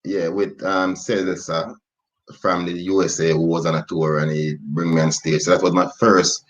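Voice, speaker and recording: A man who DJs and sings, with a London accent carrying Jamaican inflection, telling stories in a relaxed way with lots of "you know" fillers. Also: fairly low pitch, muffled recording. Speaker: DJ and singer guest. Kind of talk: singing his song, then casual interview talk.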